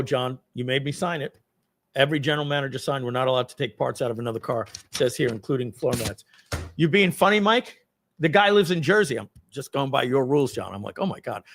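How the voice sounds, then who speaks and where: A man's voice: medium pitch, creaky. A middle-aged man telling a personal story to an audience, acting out the people in it with a raised voice and casual asides. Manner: acts out quoted people with loud raised voice; casual, swears lightly, many asides.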